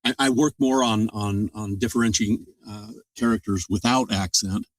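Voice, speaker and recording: A man's voice: on the low side, steady tone, normal speed. An older man, an audiobook narrator, talking through his craft as an interview guest in a thoughtful, explanatory way. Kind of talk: casual interview talk. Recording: dry sound from a distant mic.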